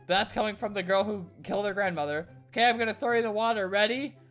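A man's voice: high-pitched, fairly even intonation, quick pace, a bit bright, faint music behind. Joking, mock-sad male gaming commentator. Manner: mock-sad, sarcastic, often breaks into laughter.

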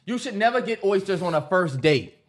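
A man's voice: high-pitched, lively intonation, fairly quick. A man co-hosting a podcast, talking in a casual, profane, joking way. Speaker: podcast co-host.

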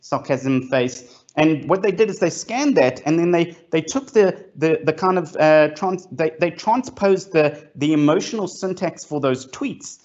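A man's voice: fairly high pitch, expressive, measured pace, a little mellow. A man, presenting as a guest speaker in a fireside chat, enthusiastic, with many fillers and restarts. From South Africa. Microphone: video call. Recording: lo-fi online call audio.

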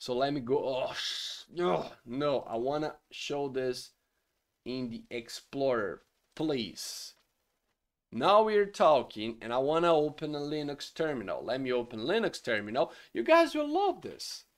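A man's voice: medium pitch, very animated, measured pace. Exasperated man ranting at his desk. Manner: exasperated and swearing, loud outbursts. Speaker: solo game engine developer. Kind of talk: frustrated coding rant.

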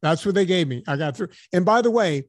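A man's voice: sits high, a little fast, no room sound, studio quality. A man hosting a podcast, telling a story in casual chat and acting out the dialogue, with some casual swearing. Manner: animated storyteller, acts out dialogue. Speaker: podcast host.

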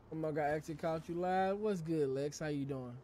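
A man's voice: on the high side, warm tone, slight background noise. A man streaming a game and ranting in blunt, profane, slangy casual chat. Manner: slangy, loose talk. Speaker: livestreaming gamer.

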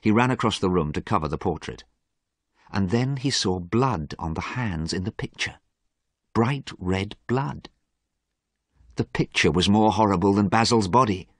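A man's voice: on the low side, expressive, moderate pace, dry recording. A man narrating a graded story for English learners, reading expressively.

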